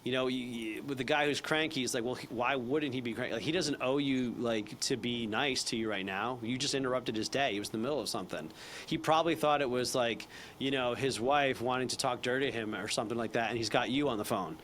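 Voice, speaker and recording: A man teaching a sales training session in a casual, animated way, acting out bits of phone calls. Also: mid-range voice, fast talker, slight background noise.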